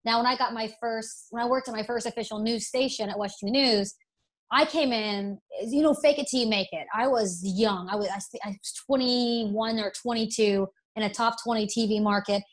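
A young woman from Alabama with a faint Southern accent, chatting candidly as an interview guest, self-deprecating and quick to restart her sentences. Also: on the high side. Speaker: interview guest, broadcast presenter. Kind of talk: casual interview.

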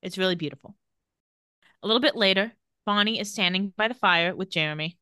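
Bright-voiced woman recapping a show. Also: medium pitch, a little fast, clean tone, no echo, studio quality. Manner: retells scenes, quoting lines in lively bursts. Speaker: podcast co-host. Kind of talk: casual recap chat.

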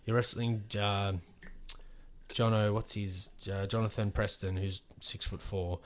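With a lowish voice and a measured pace, a male pro wrestler narrates a story for a casual podcast. He stays animated, cursing openly as he plays out the quotes.

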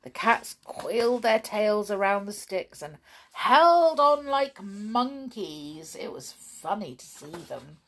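A woman reading a children's story aloud in a slow, expressive way. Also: mid-range voice.

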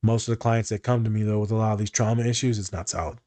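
A man's voice: fairly low pitch, rapid-fire. A young man talking casually on a podcast as a therapist, cursing freely and often repeating words as he thinks aloud. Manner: swears freely, quotes others in animated voices, repeats words.

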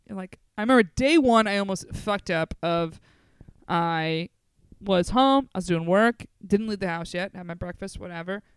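A woman, co-hosting a podcast and telling animated, profane, self-mocking stories in casual chat. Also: mid-range voice, moderate pace, smooth, dry recording. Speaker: podcast co-host.

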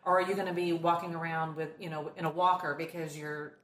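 A woman's voice: low voice, flat delivery, fast, fairly bright tone. A woman co-hosting a casual podcast chat as a coach, talking in an emphatic, motivational way. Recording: roomy with faint background noise.

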